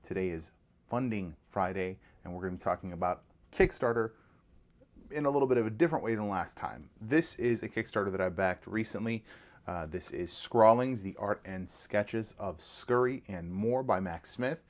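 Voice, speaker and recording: A man's voice: fairly low pitch, lively intonation, normal speed. A man hosting a casual podcast, showing off items with eager, rambling enthusiasm and lots of restarts. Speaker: podcast host. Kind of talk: casual podcast show-and-tell.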